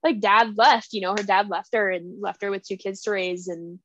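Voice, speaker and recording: A woman's voice: mid-range voice, steady tone, moderate pace, fairly bright tone, lo-fi sound, slight background noise. A young woman co-hosting a book podcast, chatting casually and emotionally, with lots of "like" and fillers. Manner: gushing, emotional, filler-heavy. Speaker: podcast co-host. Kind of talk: casual chat.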